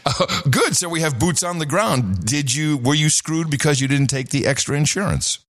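A man's voice: a little high, moderate pace, no echo, studio quality. A man co-hosting a casual talk show, laughing often and telling stories. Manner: laughs often, animated storytelling. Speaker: podcast co-host. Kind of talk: casual chat.

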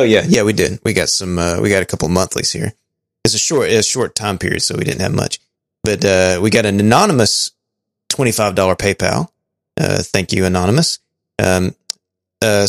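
A man's voice: fairly low pitch, creaky, no room sound, clean studio sound. A man co-hosting a podcast, reading out listener messages in a casual, stumbling way with small chuckles. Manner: stumbling, chuckling, thinking aloud. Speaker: podcast co-host.

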